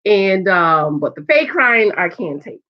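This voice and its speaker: A woman's voice: medium pitch, sing-song, measured pace. A woman chatting through a TV episode recap, talking straight to her viewers with exclamations and asides. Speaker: TV episode reviewer. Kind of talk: casual recap chat. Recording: dull lo-fi sound.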